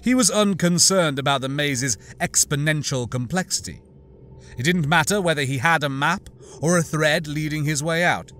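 A man narrating an audiobook in a measured, deliberate reading. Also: fairly high pitch, fairly bright tone, soft background music.

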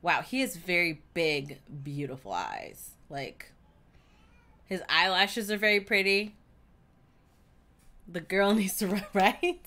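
Bright-voiced chatty woman streamer. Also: on the low side, takes it slowly, pauses often. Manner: chatty, outspoken, reacting loudly to the story. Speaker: gameplay streamer. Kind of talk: casual let's-play commentary.

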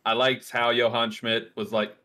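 A man's voice: medium pitch, flat delivery, normal speed, sharp tone. A man co-hosting a podcast in casual chat, talking with frequent ums and restarts. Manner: chatty, hesitant with ums and likes. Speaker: podcast co-host.

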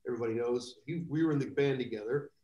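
A man telling rambling, animated anecdotes as a guest in a live video chat. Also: mid-range voice, fast talker, echoey room, rough recording. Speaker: guest drummer. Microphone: video call.

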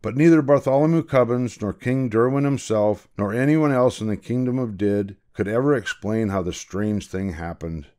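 An older man, a grandfather, reading a picture book aloud in a gentle, measured way. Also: on the low side, smooth. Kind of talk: storybook read-aloud.

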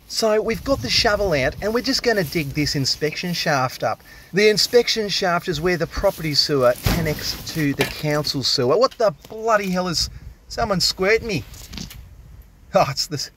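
Blunt Aussie plumber, fairly high voice. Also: male voice, fairly bright tone, a little hiss or hum. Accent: Australian. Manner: blunt, laid-back, swears casually. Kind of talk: casual narrated work vlog. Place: outdoors in a backyard.

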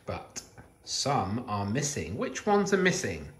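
Man, teacher, slow sing-song quiz questions for little kids, roomy echo. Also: mid-range voice, huge pitch swings. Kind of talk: early years maths quiz video. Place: home kitchen.

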